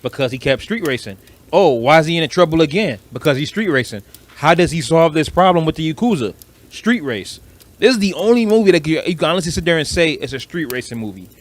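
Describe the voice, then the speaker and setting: A man with a Detroit accent, co-hosting a podcast in casual chat, blunt and animated, swearing freely. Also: on the high side, fast. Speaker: podcast co-host.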